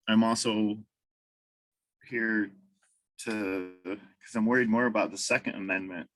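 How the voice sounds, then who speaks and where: A man, a veteran speaking at a roundtable in a halting way full of fillers. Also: lowish voice, a bit bright, poor audio. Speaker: veteran, council member. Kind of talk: casual roundtable chat.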